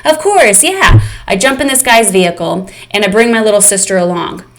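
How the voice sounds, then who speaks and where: A woman's voice: medium pitch, fast talker. A woman coach leading a live online session, speaking candidly and emotionally straight to her audience. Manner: candid, emotional, speaks directly to "you guys". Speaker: fitness and mindset coach.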